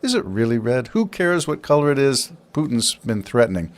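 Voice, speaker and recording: A man's voice: mid-range voice, big pitch swings, normal speed. A man hosting a podcast alone, musing and rambling through his thoughts and asking himself questions along the way. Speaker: podcast host. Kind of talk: casual solo talk.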